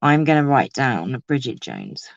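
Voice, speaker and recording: A woman's voice: a bass voice, huge pitch swings, measured pace, vocal fry, dry recording, lo-fi sound. A woman chatting casually while crafting on a live video, talking exclaimingly and laughing often. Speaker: crafting vlogger.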